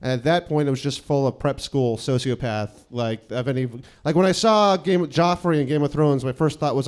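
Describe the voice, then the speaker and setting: A man's voice: mid-range voice, fairly quick, hardly any pauses, smooth. A man in his thirties from New York City, a comedian telling a profane, self-mocking personal story and acting out the quotes.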